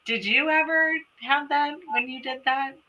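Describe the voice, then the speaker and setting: A middle-aged woman joins the live-stream as co-host and chimes in supportively. Her voice sits a little high and sounds very bright. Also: measured pace, dull audio. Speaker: co-host, host's sister. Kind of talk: casual chat.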